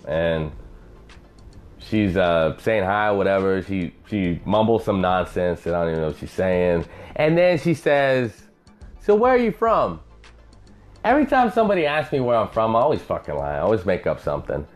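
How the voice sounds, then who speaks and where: A man's voice: low voice, sing-song, moderate pace, soft background music. A man hosting a podcast, telling profane stories in a rambling, casual monologue. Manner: profane, rambling storyteller, acts out voices. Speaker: podcast host.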